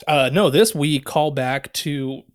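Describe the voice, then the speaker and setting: On a podcast, a male co-host with a somewhat high voice talks slowly as he goes over movie scenes in a relaxed recap, quoting lines that include profanity.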